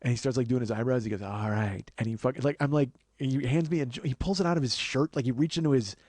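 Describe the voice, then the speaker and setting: Fast-talking man telling comic stories. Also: mid-range voice, a little mellow, no echo. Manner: profane, rambling, quick anecdotes with acted-out quotes. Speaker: podcast host. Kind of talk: casual comedic storytelling.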